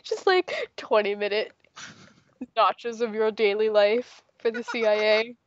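A woman interviewing casually, teasing and giggling, with deadpan jokes. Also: on the high side, slow pace, no room sound. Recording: dry, dull lo-fi sound.

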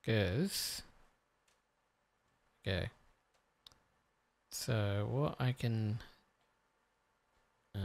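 Lively, bright-voiced let's-play commentator. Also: mid-range voice, extremely slow, long pauses. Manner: swears often, talks straight to viewers; mutters to self, then bursts out excitedly. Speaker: gameplay commentator.

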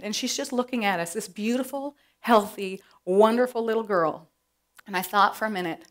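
A middle-aged woman telling a personal story to an audience, animated and acting out the voices she quotes. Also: high-pitched, brisk. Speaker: presenter.

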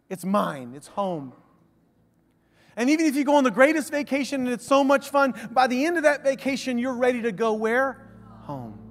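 A man preaching a conversational sermon, swinging from loud emphasis to hushed, drawn-out words. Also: high-pitched, in a large hall. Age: adult father of a young son. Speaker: pastor. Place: church sanctuary. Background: soft instrumental music.

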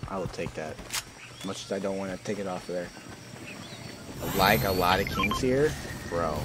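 A man's voice: low voice, normal speed, pauses often, noisy background. A man streaming a multiplayer game, chatting casually with teammates and his viewers, cursing and joking as he plays. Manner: swearing, joking, barking at teammates. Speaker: gaming streamer. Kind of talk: casual live-stream gameplay chat.

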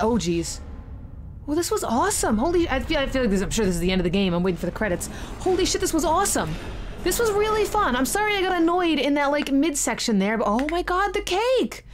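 Excitable woman narrating a game. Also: sits high, a little hiss or hum. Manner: excitable, exclamatory, chatty. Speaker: gaming channel host. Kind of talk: let's play commentary.

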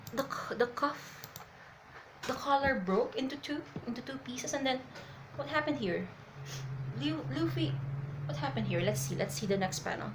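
Woman, manga reaction vlogger, excitable, high voice, faint background hiss. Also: low-quality recording. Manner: excitable, laughs, tags sentences with "okay?". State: nervous. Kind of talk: live reaction and reading aloud.

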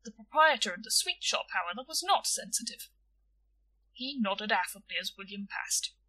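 Bright, husky woman narrating a story. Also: medium pitch, animated, moderate pace, recorded from a distance, rough recording.

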